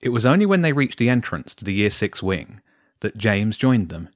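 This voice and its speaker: A man reading his own bedtime story aloud to two boys, with a lively, expressive delivery. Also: fairly low pitch, normal speed, no room sound, clean studio sound.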